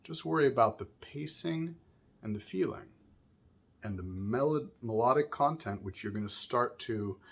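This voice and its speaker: A man's voice: mid-range voice, expressive, normal speed, gravelly, slightly rough. A man teaching a music lesson, explaining patiently and often checking in with "right?", singing short examples between explanations.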